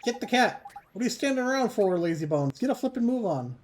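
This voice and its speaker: A man's voice: very high-pitched, sing-song, quick pace, voice pushed up. A man voicing a cheeky little male fairy sidekick who talks in a blustery, scolding, slangy way. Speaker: let's play streamer.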